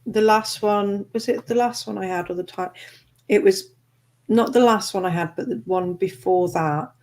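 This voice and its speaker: A woman hosting a casual chat, talkative and quick to laugh and exclaim. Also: medium pitch, darkish tone. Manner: chatty, laughs easily, exclaims. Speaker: host.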